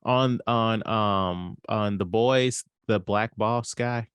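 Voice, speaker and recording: A man in casual chat, relaxed and playful, who often acts out quotes as he talks. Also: lowish voice, takes it slowly, smooth, no echo.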